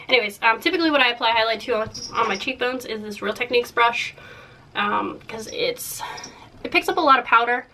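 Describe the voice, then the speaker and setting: Young woman, beauty vlogger, casual rambling chat, cold, throat-clearing, slightly high voice, distant mic. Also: fairly quick, background noise. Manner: chatty, rambling, self-deprecating, many ums. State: getting over a cold, clears throat often. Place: room in a house.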